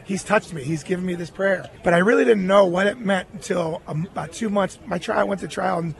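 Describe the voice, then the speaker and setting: A middle-aged man with a notably high-pitched speaking voice tells a long personal story as a radio guest. He is earnest, recounting conversations and quoting others without changing his voice. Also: fairly quick, creaky. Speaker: guest, former baseball catcher.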